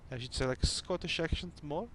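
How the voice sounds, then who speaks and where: A man's voice: on the high side, fairly quick, fairly bright tone, a little hiss or hum. A man whose first language is Dutch, chatting casually and thinking aloud as he runs cockpit checks while streaming a flight simulator. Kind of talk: casual gameplay commentary.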